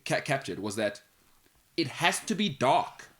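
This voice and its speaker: A man's voice: medium pitch, sing-song, a little slow, fairly bright tone. A man co-hosting, chatting casually and poking fun at himself. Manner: joking, self-mocking banter. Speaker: co-host. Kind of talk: casual chat.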